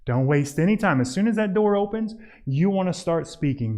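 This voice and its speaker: Guy teaching church folks door visits, kinda high voice, gets loud acting out the porch bits. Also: normal speed. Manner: animated, acts out doorstep scenes with a raised voice; admits he mumbles when tired. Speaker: church outreach trainer. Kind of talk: casual training talk to a church group. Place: church hall.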